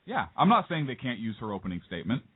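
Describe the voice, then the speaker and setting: A man on a political talk panel, speaking quickly and insistently. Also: mid-range voice, very animated, slightly rough. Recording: phone-like lo-fi sound.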